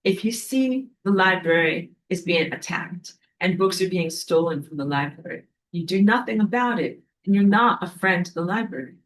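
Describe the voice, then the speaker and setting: A woman's voice: fairly low pitch, lively intonation, moderate pace, few pauses, low-quality recording. A woman giving a preachy spiritual lecture to a class, in an emphatic, scolding manner that sometimes turns to swearing. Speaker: spiritual teacher.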